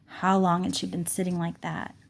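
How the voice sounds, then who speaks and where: A woman reading a children's novel chapter aloud in an unhurried way, fixing small slips as she goes. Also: fairly low pitch, monotone, creaky. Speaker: audiobook reader.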